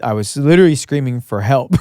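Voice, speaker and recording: Young man, podcast co-host, casual storyteller, acts out quotes, mid pitch, dry close sound. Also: brisk, no echo. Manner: animated storyteller, acts out others' lines.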